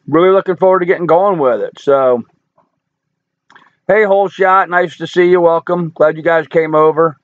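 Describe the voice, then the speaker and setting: A man's voice: fairly high pitch, dry recording. An older man hosting a casual live stream from a boat cabin, rambling and answering viewers' chat. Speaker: livestream host. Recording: dull lo-fi stream audio.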